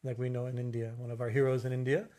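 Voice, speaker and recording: A man giving a religious discourse as a swami, halting with fillers and restarts and slowly chanting Sanskrit verses. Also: medium pitch, flat delivery, dark tone. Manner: halting, many fillers and restarts, tag questions. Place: temple.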